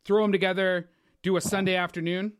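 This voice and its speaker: A man's voice: high-pitched, little pitch movement, a little fast. Rambling, swearing man on a podcast. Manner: rambling, swears a lot, stumbles and restarts. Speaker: podcast co-host. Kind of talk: casual movie podcast chat.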